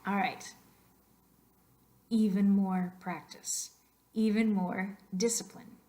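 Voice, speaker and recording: A woman's voice: mid-range voice, fairly even intonation, slow, warm tone. A woman teaching a narrated slideshow lesson, explaining patiently and saying example words aloud to model their stress. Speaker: Spanish teacher.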